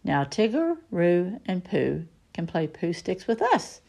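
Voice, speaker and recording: Woman doing Rabbit: brisk, fussy male rabbit, exclaiming. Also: fairly low pitch, sing-song, vocal fry, darkish tone, slight background noise, exaggerated voice. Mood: eager.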